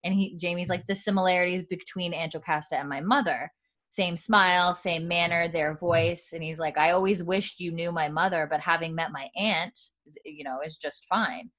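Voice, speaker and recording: A woman's voice: lowish voice, fairly even intonation, normal speed, a bit bright. A woman hosting a casual podcast chat, retelling scenes with quoted lines, many fillers and frequent laughs. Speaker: podcast host recapping a TV episode.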